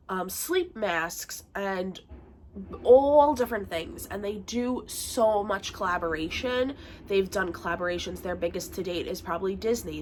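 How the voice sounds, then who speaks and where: A young woman vlogs casually from her bedroom at home, her mid-range, fairly bright voice stuffy and nasal from a bad cold. She rambles chattily, scattering fillers as she goes.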